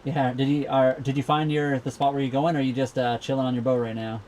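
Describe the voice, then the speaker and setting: A young Canadian man hosts a loose live Q&A from a docked sailboat, chatting and rambling with plenty of ums. His voice sits at an ordinary middle pitch. A faint noise hangs behind him. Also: flat delivery, quick pace, a little mellow. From Saskatchewan, Canada. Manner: rambling, easygoing, many fillers. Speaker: livestream host. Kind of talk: casual live Q&A chat. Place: cabin of a sailboat docked at a marina.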